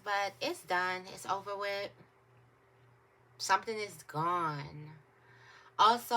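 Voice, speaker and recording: A woman's voice: sits low, bright, forceful tone. A woman giving a casual tarot reading to her viewers, chatty and repetitive, with emphatic asides. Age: adult. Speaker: tarot reader.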